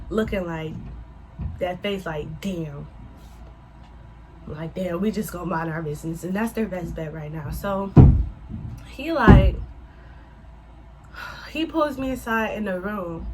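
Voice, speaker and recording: A woman telling a casual storytime to her viewers, animated and swearing freely as she addresses them as y'all. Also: medium pitch, noisy background. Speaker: vlogger.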